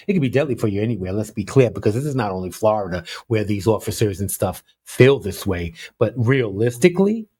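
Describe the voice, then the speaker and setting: A man giving casual, animated commentary on the news, talking straight to his viewers with open disbelief. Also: mid-range voice, slightly rough.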